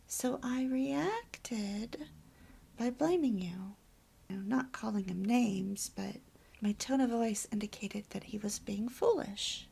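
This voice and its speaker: Soft-spoken woman with a gravelly, breathy voice. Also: mid-range voice. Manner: soft, often breathy and near-whispered. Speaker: homemaking video host. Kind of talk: personal storytelling talk.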